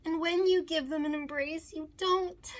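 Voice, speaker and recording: A woman's voice: extremely high pitch, fairly even intonation, a little slow. A woman speaking in an earnest, pleading monologue, recounting a painful family moment as a recovery advocate. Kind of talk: emotional personal monologue.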